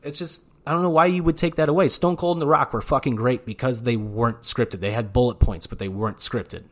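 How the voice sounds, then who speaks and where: A man co-hosting a podcast in casual chat, rambling from point to point with an excitable, profane manner. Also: mid-range voice, fairly quick. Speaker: podcast co-host. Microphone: studio mic.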